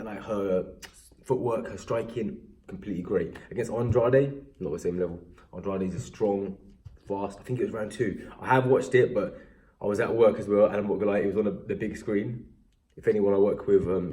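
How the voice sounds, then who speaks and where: A young English man recapping fight results in a rambling, self-deprecating casual chat. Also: low-pitched. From England. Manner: rambling, self-deprecating, animated when excited. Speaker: MMA vlogger.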